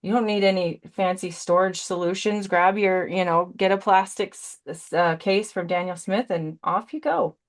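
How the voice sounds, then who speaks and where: A woman's voice: fairly low pitch, normal speed, few pauses. A woman in her forties chatting through a live painting demo on a video call. She talks chattily and rambles, tossing in punny asides. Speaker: brand ambassador demonstrating paints.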